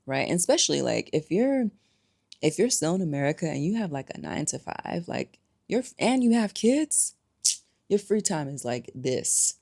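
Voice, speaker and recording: A woman's voice: sits low, lively intonation, unhurried, gravelly, dark tone. A woman giving emphatic, conversational commentary to camera, full of rhetorical questions. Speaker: spiritual vlogger.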